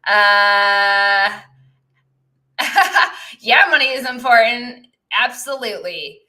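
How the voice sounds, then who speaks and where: A woman's voice: mid-range voice, lively intonation, moderate pace, sharp tone. A woman business coach giving a live-streamed talk, speaking conversationally and checking in with listeners as she goes. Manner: reads and answers viewer chat aloud.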